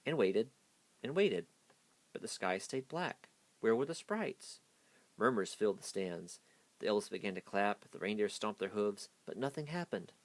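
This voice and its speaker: A man reads a children's picture book aloud in a hurried pace. His low voice rises and falls with lively animation. The sound is dry and close. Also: dry recording. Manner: hasty reading. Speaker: storyteller.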